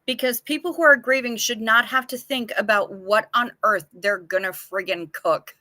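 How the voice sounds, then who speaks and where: A woman's voice: on the high side, fairly even intonation, normal speed, sharp tone, no echo. A woman hosting a casual livestream, chatting frankly and swearing freely as she answers viewer comments. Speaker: livestream host.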